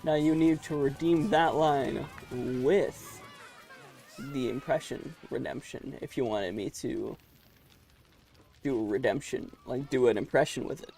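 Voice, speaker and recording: A man's voice: mid-range voice, measured pace, gravelly, a little mellow, soft background music. A man streaming a video game, rambling and joking in casual commentary.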